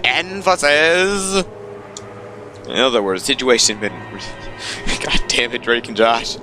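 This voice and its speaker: A man's voice: mid-range voice, steady tone, a little fast, sharp tone, soft background music. A young man reading a visual novel aloud, stumbling over lines and breaking off for wry asides. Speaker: let's player.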